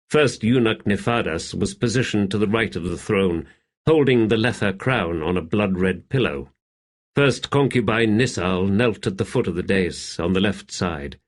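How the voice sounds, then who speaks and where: Low-voiced male audiobook narrator. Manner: measured storytelling. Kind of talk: scripted narration.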